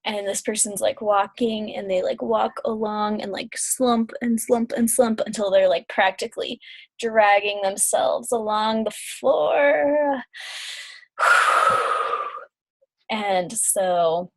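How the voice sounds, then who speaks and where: Casting note: young adult woman, intuitive healer, medium pitch, casual chatty delivery with fillers and yawns. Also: slow pace, gravelly. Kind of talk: guided energy-clearing session.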